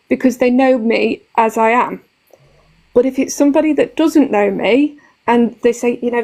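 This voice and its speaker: British woman, thirties, earnest, explains at length, fairly high voice, live-stream chat. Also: normal speed, a little mellow, rough recording. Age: 30s.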